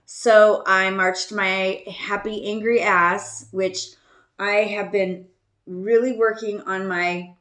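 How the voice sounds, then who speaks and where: Woman podcast host rambling through a story, slow and chatty, laughs a lot, lots of ums, echoey room. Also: mid-range voice, fairly even intonation, fairly bright tone. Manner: chatty, self-deprecating, laughs often, trails off with ums. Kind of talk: casual storytelling chat.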